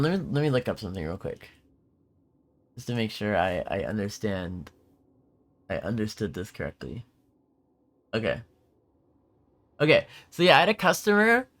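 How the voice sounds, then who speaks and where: A young man in casual live-stream chat, his voice smooth and clear at a middle pitch. He rambles and corrects himself as he tells stories and answers viewers' questions. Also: bright, forceful tone, no echo.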